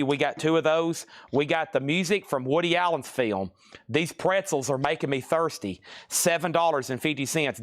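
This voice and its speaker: A man running a live-stream record sale in a store, rattling off titles and prices in a quick sales patter, tired and saying his voice is wearing out. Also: fairly high pitch, fairly bright tone. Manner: rapid auction-style calling of items and prices, chatty asides. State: tired, voice getting worn.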